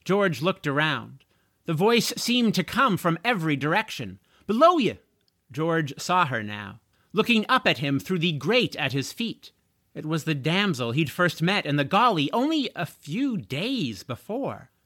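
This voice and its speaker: A man narrating a chapter of a children's fantasy audiobook in a slow, expressive storytelling manner. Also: a little high, no echo, studio quality.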